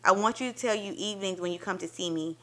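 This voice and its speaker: A woman gives a dramatic reading of a short story, telling it in an expressive, intimate first-person voice. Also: mid-range voice, fast. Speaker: book reviewer reading a story aloud.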